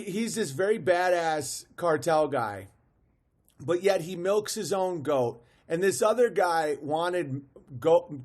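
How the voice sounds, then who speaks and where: A man streaming live, commenting on a video with amused disbelief, often restarting his sentences. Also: on the high side. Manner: amused, incredulous, restarts and laughs.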